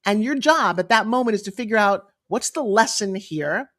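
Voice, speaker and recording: A woman in her fifties telling her story as a guest, lively and confiding, acting out quotes and dropping into whispers. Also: medium pitch, normal speed. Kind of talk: animated storytelling chat.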